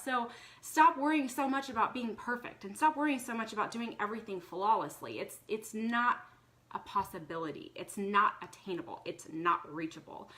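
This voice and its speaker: A woman's voice: mid-range voice, lively intonation, moderate pace, bright, forceful tone. A woman in her thirties talking casually to her viewers, earnest and chatty with many fillers. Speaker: vlogger. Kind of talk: casual live talk to viewers.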